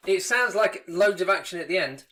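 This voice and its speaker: Man, podcast co-host, chatty, interjecting, slightly high-pitched. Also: lively intonation, a little fast, sharp tone. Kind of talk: casual film review chat.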